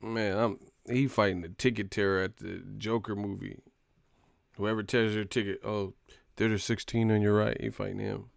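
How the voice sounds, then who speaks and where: A man's voice: fairly low pitch, flat delivery, normal speed, vocal fry, no room sound, studio quality. A man hosting a live stream, ranting in casual, slangy, profane commentary. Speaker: boxing live stream host.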